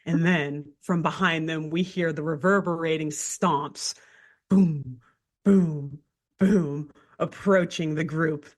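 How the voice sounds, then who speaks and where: A woman co-hosting a podcast, retelling a cartoon episode in casual chat with animated storytelling and lots of filler words. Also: sits low, unhurried, few pauses. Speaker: podcast co-host.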